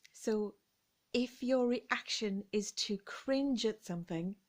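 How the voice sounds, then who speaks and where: A woman with an English accent teaching an English word in a slow, deliberate lesson, savoring each word and acting out examples. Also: on the high side, darkish tone. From England. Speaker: English teacher and vocal coach.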